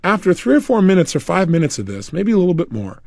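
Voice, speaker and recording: A man's voice: high-pitched, fast talker, gravelly, dry recording, clean studio sound. A man giving a motivational talk as an audio program, telling a story and acting out the people in it. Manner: animated storytelling, acts out quoted people. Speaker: motivational speaker.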